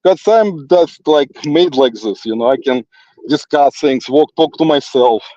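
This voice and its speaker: Strolling outdoors in a forest, a livestreamer with a non-native English accent rambles teasingly at a critic who isn't there, frequently chuckling. He speaks at a measured pace in a high-leaning, dark-toned voice, recorded on a dull, lo-fi phone.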